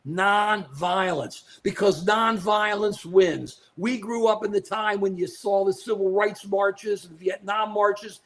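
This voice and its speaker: A man's voice: high-pitched, fairly even intonation, slow, few pauses, fairly bright tone. An older man co-hosting a live political talk show, delivering outraged, emphatic commentary, repeating phrases and turning to his co-host by name.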